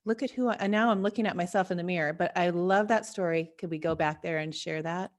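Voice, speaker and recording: A woman's voice: lowish voice, fast. A woman hosting a podcast interview, chatty and friendly, who leans on the word "like" as she talks. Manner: friendly, chatty, heavy use of like. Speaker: podcast host. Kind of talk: casual interview chat.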